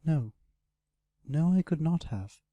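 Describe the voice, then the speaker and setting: A man voicing a caring young female blue dragon, speaking softly and gently in an audiobook. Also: fairly high pitch, lively intonation, takes it slowly, dry recording, pitched above the performer's own voice. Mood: gentle. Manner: soft, gentle. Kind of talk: audiobook character voice.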